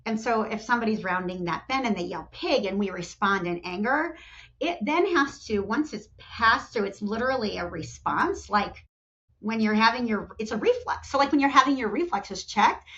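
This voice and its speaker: A middle-aged woman, a talent development executive, is a guest on a podcast in a conversational interview. She tells stories animatedly at a moderate pace, acting out quotes with jumps in pitch, and often restarts and says "you know." The podcast audio is dull and lo-fi.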